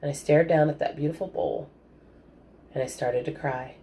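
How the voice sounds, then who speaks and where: Low-voiced woman reading a children's book. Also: fairly even intonation, normal speed, mellow. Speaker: audiobook reader. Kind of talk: reading a children's novel aloud.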